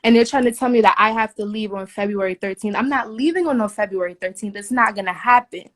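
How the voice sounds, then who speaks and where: A woman's voice: medium pitch, fast. A young woman, a flight attendant, venting her story in a casual video from a hotel room, indignant and emphatic, swearing often. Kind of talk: casual phone video rant.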